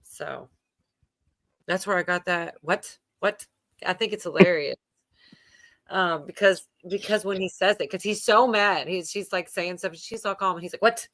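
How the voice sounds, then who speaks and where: A woman's voice: on the low side, normal speed, a bit bright, dry recording. A woman hosting a livestream in casual chat, rambling with many fillers and laughing often as she talks. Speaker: livestream host.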